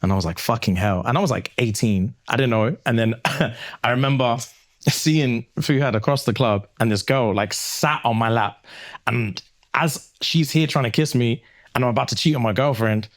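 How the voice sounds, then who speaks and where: A young man with a British accent chatting as a podcast guest. He tells stories with high energy. He acts out the voices of the people in them. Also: moderate pace. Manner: animated storyteller, acts out pleading voices. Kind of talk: casual chat.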